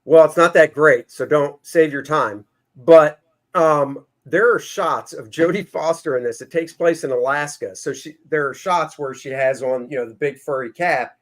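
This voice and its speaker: Middle-aged male host, somewhat higher voice, relaxed and agreeable. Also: normal speed. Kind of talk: casual chat.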